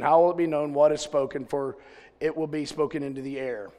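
Folksy preacher man in a reverberant hall. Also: fairly quick. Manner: folksy storytelling, swings from loud exclamations to low asides. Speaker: pastor. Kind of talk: sermon. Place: church service. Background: congregation.

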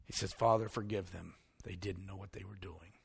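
A male preacher, delivering a sermon that swings from hushed storytelling to emphatic shouting. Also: low-pitched, steady tone, moderate pace, creaky, husky.

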